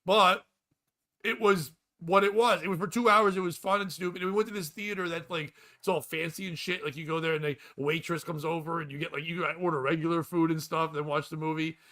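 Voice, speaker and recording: Podcast host, male, a bright tone that sits slightly high, loose rambling storytelling with casual swearing. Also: fairly even intonation, a little fast.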